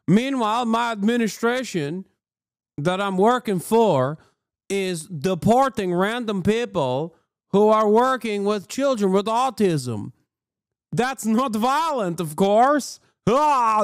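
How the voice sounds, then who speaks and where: A man's voice: very high voice, clear, resonant tone, no room sound, clean studio sound, pitched above the performer's own voice, full character voice. A man doing a sarcastic, sing-song mocking impression of a whiny tech billionaire while reacting to a clip.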